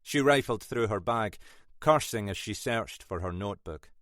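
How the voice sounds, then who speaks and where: A man narrating a mystery audiobook in a measured storytelling style. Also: lowish voice, lively intonation, fairly bright tone, no room sound, studio quality.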